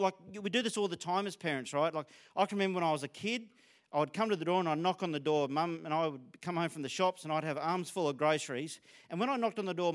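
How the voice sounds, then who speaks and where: Australian male preacher, middle-aged, high-pitched, chatty and anecdotal from the pulpit. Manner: conversational, storytelling, self-disclosing. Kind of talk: sermon.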